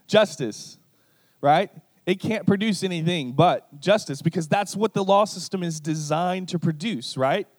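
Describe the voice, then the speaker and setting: A man's voice: high voice, unhurried, no echo. Conversational male preacher, dry sound. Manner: conversational, keeps asking "right?"; illustrative, acts out quoted exchanges. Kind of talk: sermon.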